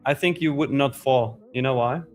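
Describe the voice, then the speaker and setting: A man's voice: medium pitch, normal speed, soft background music. Joking man co-hosting a live stream. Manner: joking, reads viewer comments aloud. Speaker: stream co-host. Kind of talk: casual live-stream chat.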